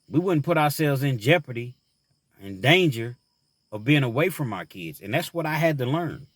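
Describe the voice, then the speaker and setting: A man with a mid-range, somewhat bright voice tells a personal story about his time in prison at a moderate pace, sounding very animated, earnest and reflective. He fills his speech with "you know" before shifting to advice for young men. The recording is dry and studio quality.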